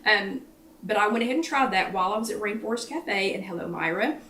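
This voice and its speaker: A woman's voice: mid-range voice, expressive, fast, sharp tone, recorded from a distance, slight background noise. A middle-aged woman hosting a casual live-stream chat from home, chatting and greeting viewers by name as she goes. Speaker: host of a live weekly wellness chat. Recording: roomy echo, speaking from off the mic.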